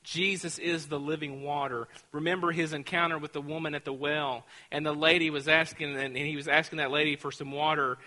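A man with a very bright, ringing voice, pitched a little high, preaching a sermon. He tells stories animatedly and rises into fervent declarations. His voice carries through a hall with a long reverb. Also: level tone, a little fast, hardly any pauses. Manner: storytelling, acts out voices, builds to fervent preaching. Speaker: pastor. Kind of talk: sermon with personal story.

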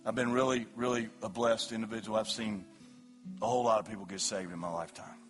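A man preaching an evangelistic sermon at a church service, his delivery swinging from hushed pleading to loud shouting. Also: fairly low pitch, steady tone, fast, faint music behind. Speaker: pastor.

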